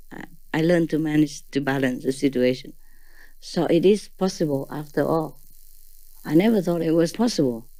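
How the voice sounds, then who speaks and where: A woman's voice: low voice, a little mellow, dry recording. A woman teaching a gathering in a loose, chatty way, laughing often and tagging her sentences with questions, in non-native English phrasing. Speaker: spiritual teacher. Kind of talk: informal spiritual talk to a gathering.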